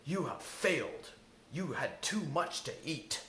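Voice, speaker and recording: A man's voice: a little high, big pitch swings, slow, a bit bright, echoey room, a little hiss or hum, voice pushed up, full character voice. A man voicing a stern male inner critic who pronounces blunt guilty verdicts. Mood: accusing.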